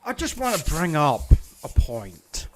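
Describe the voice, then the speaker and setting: Male tabletop player, lively pitch, unhurried, questioning. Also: slight background noise. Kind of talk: in-character tabletop role-play.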